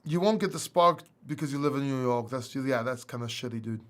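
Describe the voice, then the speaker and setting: A man's voice: medium pitch, brisk. A man hosting a casual livestream Q&A, with a slight Greek accent, reading viewer questions aloud and chatting back informally. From England. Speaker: livestream host.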